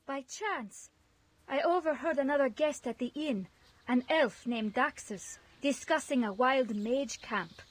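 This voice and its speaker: A woman voicing a grieving refugee mother in a fantasy game, speaking formally and gently. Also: sits high, a little slow. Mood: sorrowful. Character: grieving mother, refugee mage from a desert land. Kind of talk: game voice acting.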